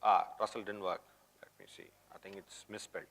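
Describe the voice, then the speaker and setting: A man's voice: fairly low pitch, steady tone, fairly quick, a bit bright. A man presenting a live coding demo at a tech conference, chatty and always checking in with the audience. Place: conference hall.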